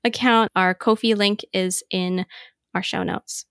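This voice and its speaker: A woman's voice: mid-range voice, steady tone, a little slow, a bit bright, dry recording. A young woman co-hosting a casual podcast, reacting playfully and joking along. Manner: playful, reacts with gasps and jokes. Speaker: podcast co-host. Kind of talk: casual chat.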